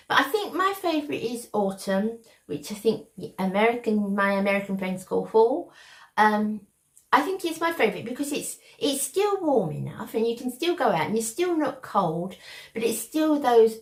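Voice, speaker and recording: A woman's voice: mid-range voice, a bit bright, reverberant. An older woman with a Cockney accent from London's East End, chatting affectionately to her viewers in a beauty vlog. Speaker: beauty vlogger. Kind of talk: casual chat to camera.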